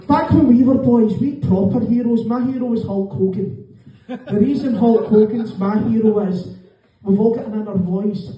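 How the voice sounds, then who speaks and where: A man's voice: sits high, normal speed. A middle-aged Scottish man doing a sweary, mocking stand-up set in a comedy club with a live audience laughing. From Scotland. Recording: echoey room, distant mic, dull sound.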